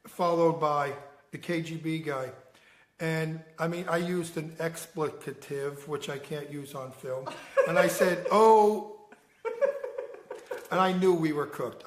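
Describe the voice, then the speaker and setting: An older man from the United States recounts an old adventure in a rambling, animated way, his voice pitched high. He sits in an echoey room, and his laughs break into his telling. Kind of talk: casual storytelling conversation.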